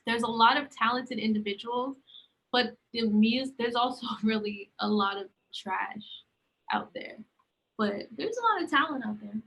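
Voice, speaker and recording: A fairly high-pitched young woman speaks at a moderate pace on a low-quality recording. As a podcast co-host in a casual chat, she tells stories with energy and acts out people's words.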